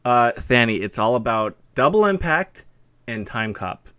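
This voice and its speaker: A man's voice: mid-range voice, sing-song, measured pace, background noise. A young man with a lisp hosting a stream interview, talking in a loose, rambling way full of fillers. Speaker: stream host interviewing a guest. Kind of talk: casual chat.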